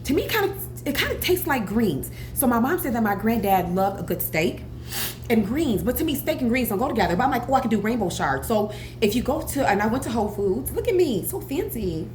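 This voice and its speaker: A woman in her forties chats through a home cooking vlog, rambling into animated asides. Her voice sits a little high. The sound is echoey, with faint room noise behind her. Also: a little fast. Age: 40s. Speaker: cooking vlogger. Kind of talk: casual cooking vlog chat. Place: home kitchen.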